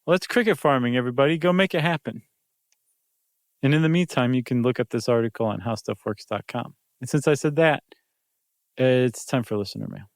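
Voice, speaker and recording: A man's voice: medium pitch, a little fast, no room sound, studio quality. A man co-hosting a podcast in casual chat, jokey and chatty with filler ums. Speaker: podcast co-host.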